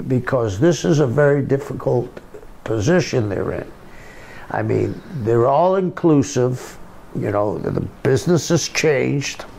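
A man talking slowly and deliberately in a casual wrestling interview. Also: mid-range voice, gravelly, darkish tone. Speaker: wrestling guest.

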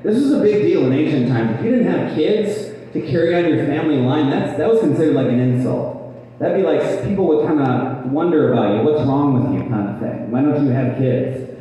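Guy preaching in a church, soft dark voice, sounds far off with lots of hall echo. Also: on the high side, animated, a little fast. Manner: conversational, asks the congregation questions; repeats words as he restarts. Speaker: pastor. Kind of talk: sermon with story reading.

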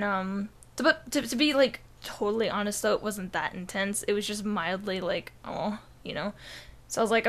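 A woman's voice: mid-range voice, a bit bright. A young woman co-hosting a podcast, telling a rambling story in casual chat, full of "like" and swearing. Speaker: podcast co-host.

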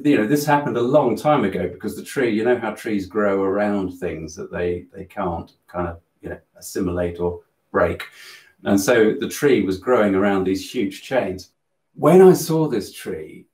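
Man, low voice, animated storytelling, frequent restarts, roomy echo. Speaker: host of a spiritual channel. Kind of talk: casual storytelling in a live Q&A.

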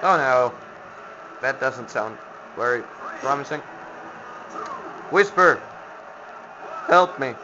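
With lively intonation, a medium pitch, a slow pace and long pauses, a man from Finland narrates his own video game session. He's grumpy and sarcastic and swears at the enemies. It's a lo-fi home recording with noise in the background.

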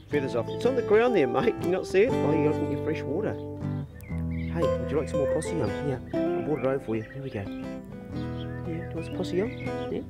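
Easygoing Kiwi man chatting to his animals. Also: mid-range voice. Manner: easygoing, chatty, coaxing animals in a raised sing-song voice. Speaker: vlogger feeding his dogs and farm animals. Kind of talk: casual outdoor vlog, talking to animals. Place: outdoors on a rural property. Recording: music playing behind the voice.

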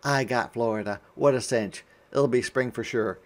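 A man's voice: mid-range voice, moderate pace, lightly acted. A man voicing cheerful young groundhog graduates in a storybook read-aloud, gleeful and cheering. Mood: excited.

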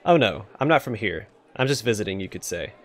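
A man's voice: fairly low pitch, very animated, a little fast, fairly bright tone, a faint crowd. A man reading as a self-assured young noble heir. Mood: persuasive.

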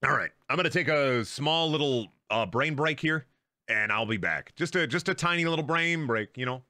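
A man's voice: medium pitch, animated, moderate pace, pushed and bright, no room sound. A man streaming a video game, joking crudely and talking to his chat. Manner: joking, crude, talks to chat, bursts into silly voices. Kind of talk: casual gameplay commentary.

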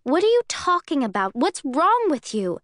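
An angry young heroine hurls accusations in a high, shaking voice, as a woman reads her in an audiobook. her lines climb well above the narration and the recording stays dry and close. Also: unhurried, no echo, natural voice. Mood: furious. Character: young woman, furious, shaken, defiant heroine.

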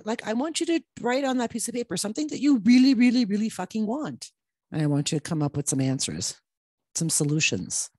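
A woman's voice: mid-range voice, a little mellow, dry recording, clean studio sound. Blunt, profane woman in her fifties. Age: 50s. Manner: blunt, profane tough-love ranting. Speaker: midlife mindset coach. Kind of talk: casual direct-to-camera pep talk.

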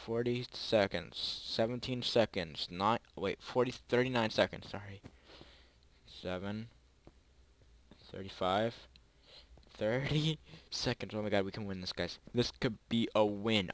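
A young man with a fairly low voice narrates his own gameplay in a rambling, chatty way, talking straight to his viewers. He bursts into excited yelps and pleading cries at close calls. Faint clicks sit under the recording. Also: unhurried, a little hiss or hum. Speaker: gaming YouTuber. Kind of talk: live gameplay commentary.

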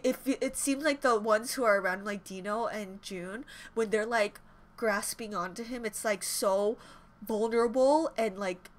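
A woman hosting a reaction video, gushing emotionally, swearing often and breaking into excited exclamations. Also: mid-range voice. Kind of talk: casual reaction commentary. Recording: music playing behind. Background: music from the video she reacts to.

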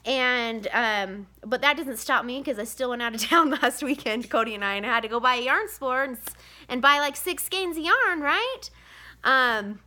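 Woman in her thirties, casual vlog, bright forceful tone, slightly high voice, chatty and rambling. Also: normal speed. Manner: rambling, candid, venting with many fillers. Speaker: vlogger, mother of seven.

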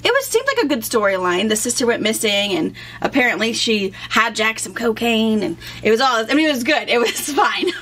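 A woman co-hosting a casual chat, animated and quick with her replies. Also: a little high. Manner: animated, quick backchannel responses.

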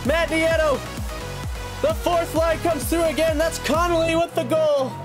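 A young man giving excited, fast play-by-play commentary over his own hockey video game as a gaming YouTuber. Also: very high-pitched. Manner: animated, fast play-by-play with yelps and laughs. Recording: background music under voice.

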